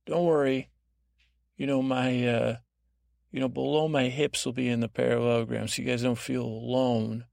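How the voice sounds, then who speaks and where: A man rambles through a slow bedtime monologue with a low, gravelly fry in his voice. He keeps a lulling, drowsy tone and trips over his own words with many restarts. The sound is close and dry, with no room around it. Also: flat delivery, a little mellow, dry recording. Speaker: podcast host.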